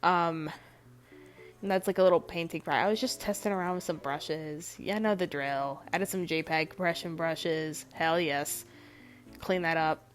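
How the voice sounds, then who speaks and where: A woman's voice: low-pitched, steady tone, normal speed, faint music behind. A woman narrating a voice-over about her own drawings in casual, rambling chat, congested and swearing freely. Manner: rambling, loose and swearing a lot. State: congested, nasal. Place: home recording, voice-over over drawing footage.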